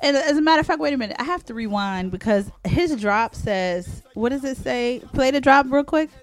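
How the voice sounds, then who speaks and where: A woman's voice: high voice, lively intonation, a little fast. A woman hosting a radio countdown show, chatting casually, rambling and correcting herself on air.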